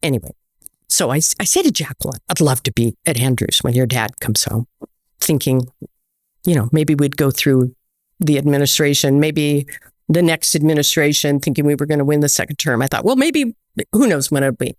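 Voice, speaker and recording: A woman's voice: sits low, moderate pace, no echo. An American woman speaks as a guest in a casual interview, telling stories with lots of quoted back-and-forth. Her voice rises and falls often and sounds close and dry. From United States. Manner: animated, tells stories with quoted dialogue.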